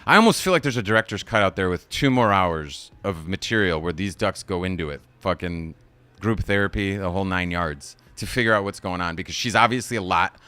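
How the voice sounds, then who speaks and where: A man with a slightly low, smooth and resonant voice recaps a kids movie for his live stream audience. He rambles casually and swears freely. The sound is dry and close, with no room echo. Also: lively intonation, a little fast, sharp tone. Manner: profane, digressive, laughs at own jokes.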